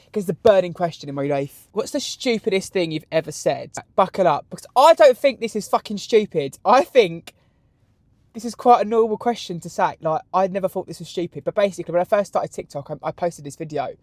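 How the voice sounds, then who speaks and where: A British man in his twenties hosts a solo podcast, answering questions through animated, camp and crude storytelling. His voice is high and quick, recorded on a close, dry mic.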